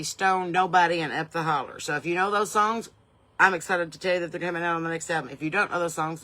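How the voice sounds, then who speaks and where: A woman's voice: low voice, bright, forceful tone, rough recording. A Southern woman hosting a casual livestream from her porch, chatting folksily and greeting viewers by name. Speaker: podcast host and country singer. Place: home porch.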